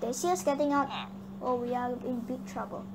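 A young girl hosting her gaming channel, chatting excitably and bossing her teammate around. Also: high-pitched, a little fast. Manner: excitable, chatty, bossy toward her partner. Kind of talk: casual gameplay chat. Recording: noisy home recording.

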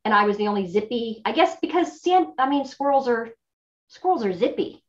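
Friendly, laughing voice actress guest. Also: female voice, on the high side, expressive, fairly quick, highs cut off. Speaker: voice actor guest. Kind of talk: casual chat.

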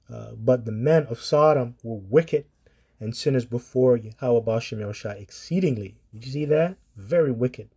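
A man's voice: mid-range voice, mellow, husky. A man giving an informal sermon in a rambling, preachy way, with filler words and casual swearing.

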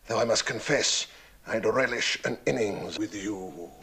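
An actor playing a lecherous, wealthy lord who speaks suavely and with innuendo, in a husky voice. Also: male voice, fairly low pitch, measured pace, pushed and bright, full character voice.

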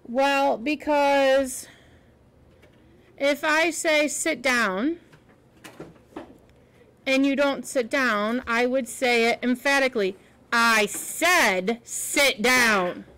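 Woman with a high voice reading to kids, patient, stops to explain words. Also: slow pace, long pauses, a bit bright. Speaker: reader teaching children.

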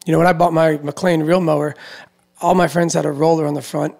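A man in his thirties, originally from Florida, talks about his business as a guest in a relaxed interview. His voice has a gravelly edge and sits a touch high for a man. He tells his story at an easy pace, with plenty of ums and you-knows. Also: a little fast. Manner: relaxed storytelling with many fillers. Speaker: guest, roller dealer. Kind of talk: casual interview chat.

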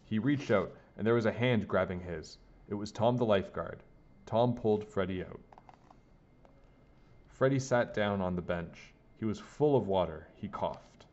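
A man reading a children's picture book aloud in a lively, sing-song way. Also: on the low side, moderate pace. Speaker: storybook reader. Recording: dull lo-fi recording.

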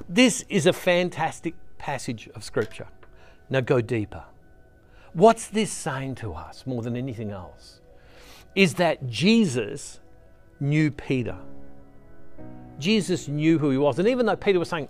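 A man's voice: fairly high pitch, sing-song, moderate pace, soft background music. A middle-aged man gives an earnest, conversational Catholic devotional talk, repeating phrases for emphasis. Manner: earnest, conversational, repeats words when stressing a point. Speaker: Catholic speaker.

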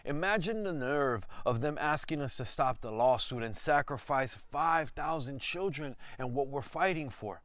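A man's voice: medium pitch, lively intonation, normal speed, few pauses, a bit bright, no room sound, close to an everyday voice. A man reading the part of a determined, earnest father who stands up to school officials.

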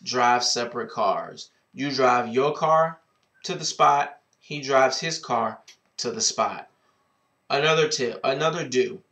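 Man, advice vlogger, sassy, outspoken, slow-talking, webcam mic. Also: medium pitch, pushed and bright. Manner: sassy and outspoken, swears freely; repeats a drawn-out greeting catchphrase. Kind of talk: casual advice vlog.

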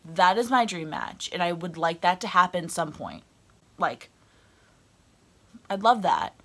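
A woman's voice: on the low side, very animated, unhurried, fairly bright tone. A woman fan ranting casually on her vlog, blunt and heated, swearing freely. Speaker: wrestling fan vlogger.

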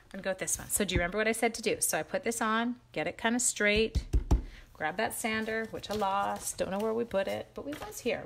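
With a mid-range, slightly bright voice and a little hiss or hum in the audio, a crafting livestream host works while chatting. She's self-mocking about her mistakes and greets viewers by name.

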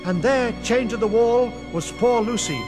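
A man reading a children's story aloud in a playful, animated way. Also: very high-pitched, normal speed, music in the background.

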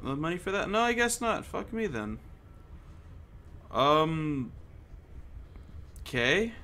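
A man's voice: on the high side, sharp tone, a little hiss or hum. A man giving casual gameplay commentary, joking, swearing and muttering to himself as he plays. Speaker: gamer.

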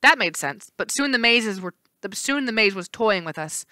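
Woman teacher, novel read-aloud, steady storytelling, clear resonant voice, dry sound. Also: mid-range voice, moderate pace, no echo. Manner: steady storytelling with small slips and restarts.

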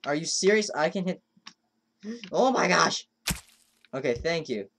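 Woman let's-play host, lowish voice, slow and very lively delivery, keyboard clicks faint behind. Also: slight background noise. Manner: excitable, exclaiming, frustrated self-talk. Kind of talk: gameplay commentary.

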